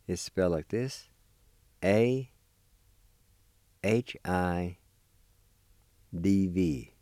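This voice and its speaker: A man with a low, mellow voice leads a pronunciation lesson, spelling each word and sounding out every syllable more than once. His pace is very slow and deliberate, and the sound is dry and close. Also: no room sound. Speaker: language teacher.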